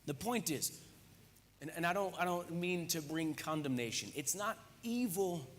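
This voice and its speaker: Man, pastor preaching, fairly high voice, joking conversational delivery, church hall echo. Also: animated, normal speed, a bit bright. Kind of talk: sermon. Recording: echoey church hall reverb.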